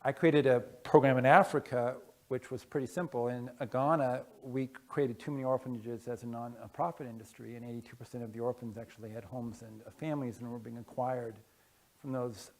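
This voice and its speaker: A man giving a casual conference talk to an audience, halting, with many fillers and restarts. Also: mid-range voice, fairly even intonation, darkish tone. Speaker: conference speaker. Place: conference room. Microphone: wearing headphones with a masking device.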